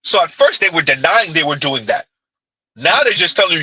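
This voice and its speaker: Guy doing live stream commentary, slightly husky, super bright edgy tone, mocking, keeps asking huh?. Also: fairly high pitch, expressive, brisk, no room sound, low-quality recording. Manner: rhetorical, needling questions with "huh?" asides; blunt, mocking. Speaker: commentary channel host.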